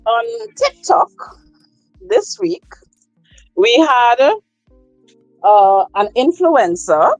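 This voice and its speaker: A woman hosts a live chat on her phone, talking slowly and repeating phrases, often breaking into laughter. Her voice sits a little high. The sound is dry and close, with faint music underneath. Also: a little mellow, dry recording, low-quality recording. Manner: slow, repetitive, laughs often. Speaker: livestream host.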